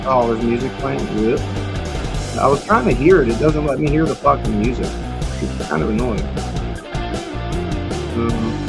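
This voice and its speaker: A man's voice: mid-range voice, a little slow, gravelly, long pauses, music in the background. A man hosting a casual live stream, reacting to clips and chatting with viewers in an offhand, profane way. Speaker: livestream host.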